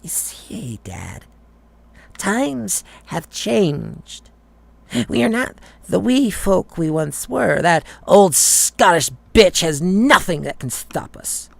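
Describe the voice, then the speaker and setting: A man voicing a menacing demonic changeling boy with a slow, taunting, gravelly drawl. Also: high-pitched, big pitch swings, no echo, heavily acted.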